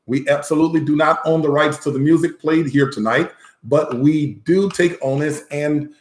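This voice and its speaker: A man's voice: a little high, normal speed. A man, a pastor, preaching and leading a congregation in sung praise with call-and-response. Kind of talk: sermon with singing. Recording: echoey room with music behind. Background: worship music.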